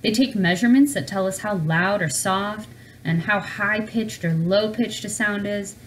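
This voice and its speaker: A woman reading aloud as a woman scientist with a warm, high voice, explaining her work. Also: normal speed, distant mic, a little hiss or hum, close to an everyday voice, low-quality recording.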